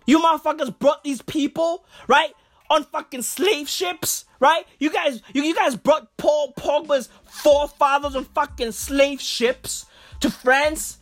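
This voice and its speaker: A woman's voice: high voice, steady tone, unhurried. Brash, profane African woman ranting. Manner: brash, profane, repetitive, slangy. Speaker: vlogger. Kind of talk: comic rant. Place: outdoors, walking.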